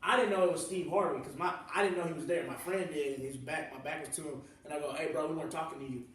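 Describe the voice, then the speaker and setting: Telling loose, slangy stories between laughs, a young Southern comedian from New Orleans hosts a relaxed chat. His voice is a little high, quick and fairly bright, and it sounds distant in an echoey room.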